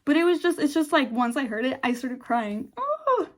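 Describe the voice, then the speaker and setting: A woman's voice: high voice, brisk. A young woman vlogger chatting casually and emotionally about a TV episode, rambling with many fillers and restarts, close to tears. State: on the verge of tears. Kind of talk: casual chat.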